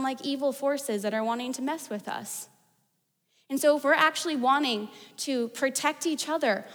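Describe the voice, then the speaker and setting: Bright, high-voiced woman pastor preaching. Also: big-room sound. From United States. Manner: conversational, storytelling with fillers like "like". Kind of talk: sermon.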